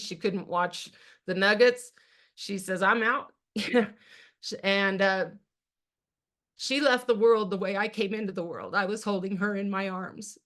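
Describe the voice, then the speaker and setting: A woman's voice: mid-range voice, fairly bright tone. Earnest middle-aged woman telling her story. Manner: earnest and plain-spoken, addresses listeners as "you guys". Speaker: direct sales team leader sharing her story. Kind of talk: personal testimony on a team call. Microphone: video call.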